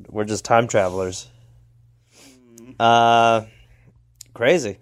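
A man's voice: mid-range voice, big pitch swings, normal speed. A middle-aged man co-hosting a comedy podcast, joking around playfully and laughing often. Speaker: podcast co-host. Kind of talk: casual comedic banter.

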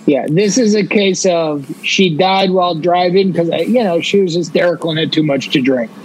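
A man's voice: high-pitched, moderate pace, a little hiss or hum, poor audio. A man chatting as a guest on a comedy podcast, playful and riffing. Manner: playful, slips into mock characters. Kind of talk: casual comedic banter.

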